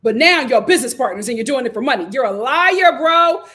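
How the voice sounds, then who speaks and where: A high-voiced woman with riffs on reality TV gossip. Her delivery is sassy and animated, jumping from loud outbursts to quiet, drawn-out asides. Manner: animated, sassy, swinging between shouts and low asides. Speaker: commentary channel host. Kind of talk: casual reality-show commentary.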